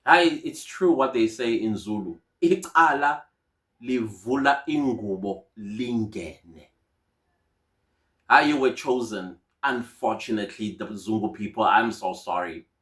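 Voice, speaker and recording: A man's voice: on the low side, normal speed, few pauses, a bit bright. A South African man giving casual, indignant commentary on a court case, mixing in Zulu phrases. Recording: echoey room.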